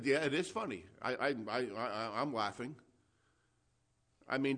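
A male preacher deep in a passionate sermon, climbing from plain talk into loud, urgent exhortation. He speaks at a mid-range man's pitch and stumbles over restarts as he presses his point. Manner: impassioned, builds to loud exhortation, addresses listeners as friends; frequent restarts and fillers.

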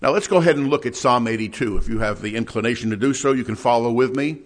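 A man's voice: medium pitch, fast talker. A man preaching an expository Bible sermon, reading scripture aloud and asking rhetorical questions with rising emphasis.

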